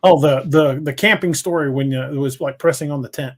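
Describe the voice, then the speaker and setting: Guy hosting a podcast, slightly high voice, easygoing questions. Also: brisk. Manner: conversational, prompting questions. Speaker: podcast host. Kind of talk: casual interview.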